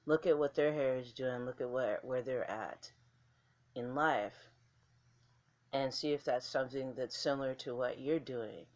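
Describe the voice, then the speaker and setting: A woman's voice: a bass voice, measured pace, darkish tone, lo-fi sound. Blunt, profane woman vlogging. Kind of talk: casual talk to camera.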